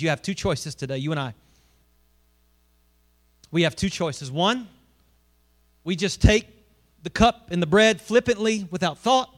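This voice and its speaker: A middle-aged male pastor preaching a sermon in a conversational way, asking the congregation questions as he reads scripture. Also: sits high.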